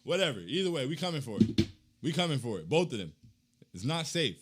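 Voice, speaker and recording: With music playing in the background, a young man runs a relaxed postgame chat and reads out fan comments. He's very animated and fairly quick, his slangy hype shifting between loud chants and low mutters.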